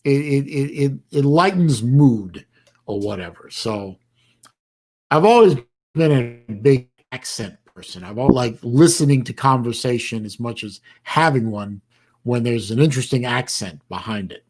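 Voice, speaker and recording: A man hosting a casual livestream chat, talking in a rambling, halting way with bursts of dry sarcasm. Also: mid-range voice, animated, darkish tone. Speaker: livestream host.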